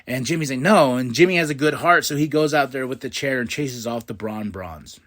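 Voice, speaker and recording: A man hosting a podcast, recapping a wrestling show in a casual monologue and acting out what the wrestlers said. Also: mid-range voice. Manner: excitable, acts out quotes in quick voices.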